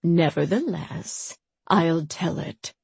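A woman reading the lines of an ancient male priest who tells an old tale calmly and at a measured pace. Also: on the low side, gravelly, slightly rough, no echo, exaggerated voice. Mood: dry. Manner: calm, measured storytelling.

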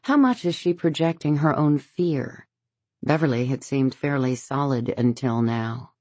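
A woman reads an audiobook in a very deep, unhurried voice. Her delivery is measured and even, recorded close and dry with no room sound. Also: no echo. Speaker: audiobook narrator. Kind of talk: scripted narration.

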